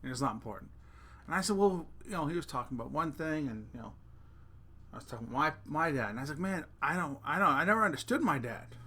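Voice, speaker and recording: Middle-aged male podcast host, higher voice, casual profane ranting. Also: animated, quick pace, bright, forceful tone, breathy edge. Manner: profane, joking, talks straight to listeners. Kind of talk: casual rant.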